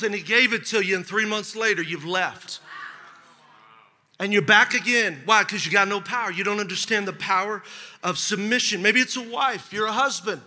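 A man preaching a sermon as pastor, telling a personal story with lively asides and humor. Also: high voice, moderate pace. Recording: large hall with long reverb.

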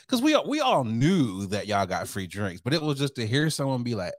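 A man's voice: lowish voice, sing-song, moderate pace, few pauses, no room sound, studio quality. A young adult man hosting a casual chat, playful, laughing easily and acting out quoted lines.

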